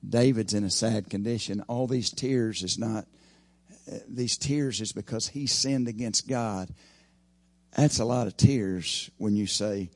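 A man preaching a sermon, swelling loud and high for emphasis, then dropping to a hushed, slow delivery. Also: no room sound.

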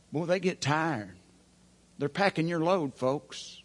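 A man's voice: fairly high pitch, expressive, moderate pace. A man preaching a sermon from the pulpit as pastor, folksy and plain-spoken, asking the congregation rhetorical questions. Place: church pulpit.

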